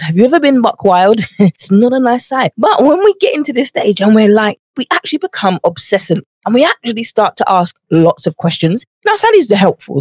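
A nutrition coach hosts a motivational podcast from her home office, chatty and slightly out of breath from walking on a treadmill pad. Her voice is mid-range and a little mellow, with no echo, and she acts out quoted voices.

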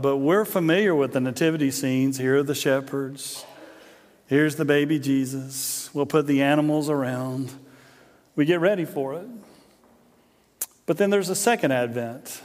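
Chatty middle-aged pastor in a reverberant church. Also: male voice, mid-range voice. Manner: conversational storytelling with humor, frequent repeated "and, and". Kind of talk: sermon. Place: church sanctuary. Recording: long hall reverb in a church.

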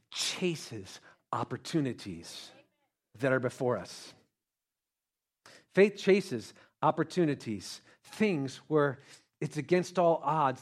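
A male pastor preaching a sermon, animated and joking, calling out to the congregation. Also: high-pitched.

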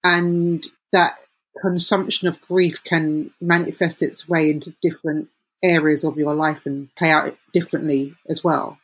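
An interview host responding to a guest in a measured, thoughtful way, choosing words carefully. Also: medium pitch, flat delivery, a bit bright, slightly rough, rough recording. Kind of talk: interview conversation.

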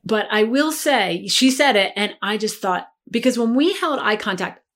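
A woman with a mid-pitched voice tells a personal story to an interviewer. She is animated and leans into acting out the voices of the people she quotes. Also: normal speed. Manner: lively storyteller who acts out quoted dialogue. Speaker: guest. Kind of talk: storytelling in a conversation.

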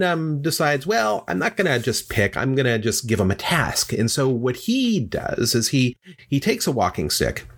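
Husky man telling a folktale casually. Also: medium pitch. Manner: chatty, many fillers and asides. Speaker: storyteller.

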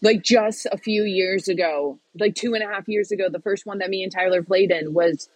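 A woman chats casually as a podcast guest, lively and quick to laugh. Her voice is a little husky and mid-pitched. It sounds dry and close to the mic. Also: no echo, low-quality recording. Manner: animated, fast, laughs often. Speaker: podcast guest, pickleball player. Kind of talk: casual chat.

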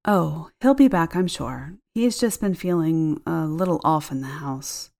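A woman voicing a sick, sleepy homeowner who is uneasy and lonely, speaking softly and hesitantly. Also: low-pitched, expressive, unhurried, creaky, full character voice. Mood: reassuring. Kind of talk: audiobook character voice.

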